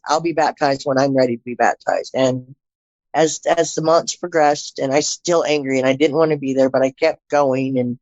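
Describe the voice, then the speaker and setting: Low-voiced woman telling her story bluntly. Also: no room sound. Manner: blunt, animated storytelling with frequent restarts and quoted dialogue. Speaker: podcast guest. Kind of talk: personal testimony storytelling. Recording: slightly dull, dry audio.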